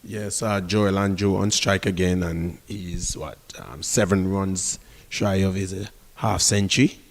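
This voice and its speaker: Very deep-voiced male co-commentator, reverberant. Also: steady tone. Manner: measured, with frequent fillers like "uh" and "you know". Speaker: cricket co-commentator. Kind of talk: live cricket commentary. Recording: long reverb.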